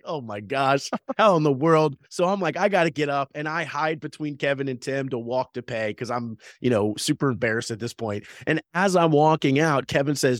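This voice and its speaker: A man's voice: medium pitch, moderate pace, few pauses. A man co-hosts a podcast in easy, casual chat. He tells stories with plenty of laughter, and his voice rises and falls a lot. The sound is dry and close, with no room echo. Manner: animated storyteller, laughs often. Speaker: podcast co-host.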